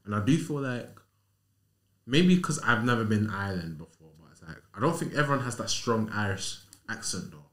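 Easygoing lower-voiced man interviewer. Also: animated, fairly quick. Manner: easygoing, asks questions with slang fillers. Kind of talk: casual interview chat.

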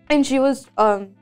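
A young woman hosting a casual student interview at school, chatty and giggly, with many filler words. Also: high voice. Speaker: student show host.

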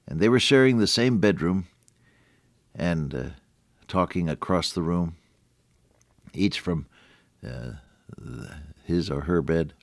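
A man's voice: sits low, animated, slow pace, gravelly, long pauses, no room sound. An older man giving a folksy, conversational radio devotional sermon and chuckling at his own jokes. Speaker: radio preacher.

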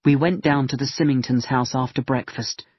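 A man narrating a story in a careful, expressive audiobook reading. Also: medium pitch, moderate pace, husky, no echo. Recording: dry, dull-sounding voice recording.

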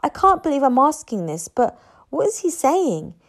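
A woman's voice: high-pitched, sing-song, normal speed, pitched above the performer's own voice. Woman playing an astonished Viking boy. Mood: worried. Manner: incredulous, exclaiming. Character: anxious, fussy Viking boy, easily astonished.

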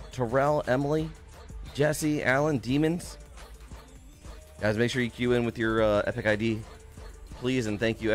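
A young man streaming a game, chatting casually and upbeat, greeting viewers by name and swearing now and then. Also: fairly low pitch. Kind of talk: casual live-stream chat.

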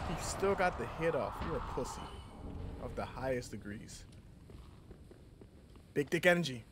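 A man giving casual gameplay commentary, cursing and trash-talking enemies, with sudden high outbursts. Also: expressive, measured pace, pauses often, noisy background. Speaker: gameplay streamer.

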